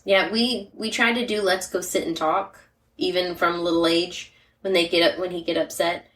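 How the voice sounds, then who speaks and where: Woman, podcast co-host, casual chat, blunt and straightforward, lowish voice, echoey room. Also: steady tone, normal speed, fairly bright tone. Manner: straightforward, chatty, many "like" fillers and murmured agreement. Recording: roomy and distant from the mic.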